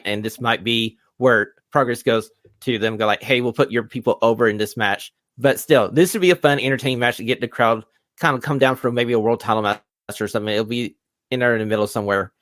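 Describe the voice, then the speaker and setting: A man's voice: mid-range voice, a little fast, a bit bright, no room sound, clean studio sound. A man co-hosting a wrestling podcast, talking up matches in an upbeat, emphatic way. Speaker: podcast co-host. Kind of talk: casual wrestling podcast chat.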